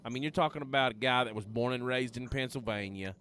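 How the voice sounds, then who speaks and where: A man's voice: medium pitch, quick pace, fairly bright tone, a little hiss or hum. Easygoing rambling man. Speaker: podcast co-host. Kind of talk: casual chat.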